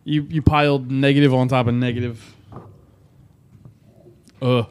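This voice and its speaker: A man's voice: mid-range voice, flat delivery, unhurried, darkish tone, clear, resonant tone. A young man co-hosting a casual podcast, blunt and sarcastic, swearing often. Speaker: podcast co-host. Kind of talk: casual chat.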